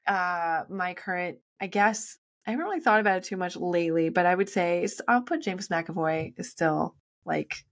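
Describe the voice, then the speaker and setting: A woman co-hosting a podcast in casual chat, bubbly, enthusiastic and quick to giggle. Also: on the low side. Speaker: podcast co-host.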